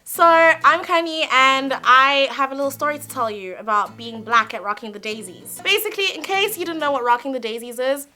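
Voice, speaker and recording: A young woman telling a personal story to camera, animated, blunt and emphatic, swearing at times. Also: high-pitched, fairly quick, hardly any pauses, faint music behind. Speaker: vlogger.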